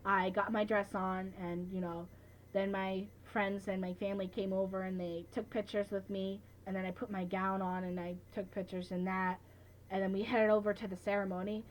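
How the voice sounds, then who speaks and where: Chatty teenage girl with flat delivery. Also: medium pitch, normal speed, slight background noise, rough recording. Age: late teens. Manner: chatty, full of "like" and "you know". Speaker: vlogger. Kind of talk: casual vlog recap.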